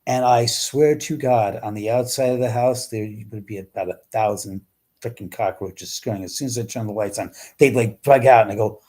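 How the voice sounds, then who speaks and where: Male livestream host at home, husky and mellow, chatty, swears freely. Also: mid-range voice, normal speed. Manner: chatty and exclamatory, swears casually. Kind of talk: casual live-stream chat, answering viewers.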